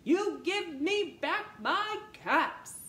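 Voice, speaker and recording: An angry storybook peddler shouts his scolding slowly, every word pressed hard, as a woman puts him on. The voice sits high and swings widely, and the room around it rings. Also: big pitch swings, echoey room, heavily acted. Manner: scolding shouts, slow and emphatic. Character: angry male cap peddler.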